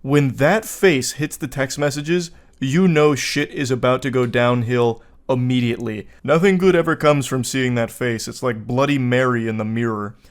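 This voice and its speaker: A man's voice: mid-range voice, normal speed, few pauses. A man giving comedic reaction commentary, sarcastic, crude and exasperated.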